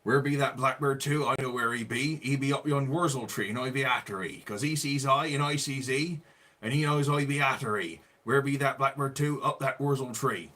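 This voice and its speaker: A man's voice: mid-range voice, a little fast, bright, forceful tone. A man putting on a broad West Country accent to recite a rustic rhyme in a sing-song manner. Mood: playful. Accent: West Country English.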